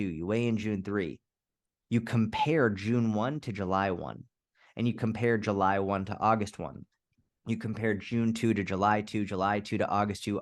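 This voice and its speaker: A man being interviewed as a fitness coach, speaking casually and candidly, swearing now and then and acting out little scenarios. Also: lowish voice. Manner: candid, swears, quick restarts, acts out scenarios. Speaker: fitness coach, podcast guest.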